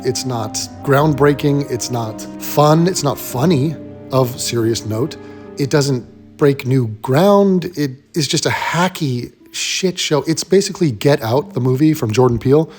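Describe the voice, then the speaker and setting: A man's voice: mid-range voice, a little mellow. A man hosting a ranting film commentary, blunt, sarcastic and full of profanity. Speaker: commentary host.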